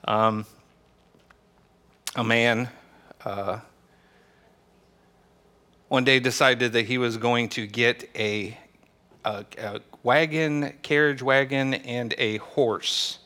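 Preacher, male, bright voice, tells jokes to a small church group, laughs easily. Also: mid-range voice, steady tone, drawn-out words, long pauses. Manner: chatty, joking, laughs easily. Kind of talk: casual joke-telling and church teaching.

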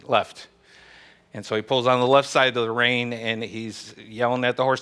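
Preacher, male, bright voice, tells jokes to a small church group, laughs easily. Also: mid-range voice, steady tone, normal speed. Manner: chatty, joking, laughs easily. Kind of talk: casual joke-telling and church teaching.

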